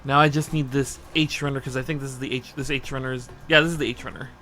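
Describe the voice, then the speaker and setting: A man streaming casually as he builds a model kit. He rambles, asks himself questions and counts steps out loud while he works. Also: mid-range voice, fairly even intonation, fast talker, faint music behind. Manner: easily sidetracked, lots of restarts and rhetorical questions.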